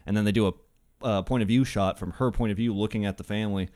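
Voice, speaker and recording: A man co-hosting a casual film podcast, animated and quick to act out scenes in a loud voice. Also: lowish voice, no room sound. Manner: animated, breaks into loud shouted impressions. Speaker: podcast co-host.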